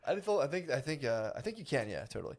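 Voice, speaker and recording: A man's voice: mid-range voice, big pitch swings, fast, a crowd in the background. A man co-hosting a podcast in casual chat, rambling loosely, laughing often and calling his partner "dude". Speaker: podcast co-host.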